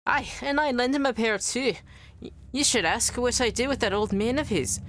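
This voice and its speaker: A woman's voice: high-pitched, very animated, moderate pace, no room sound, voice pushed up. Woman doing a spiteful ancient female soul, archaic put-on brogue, raised voice, taunting.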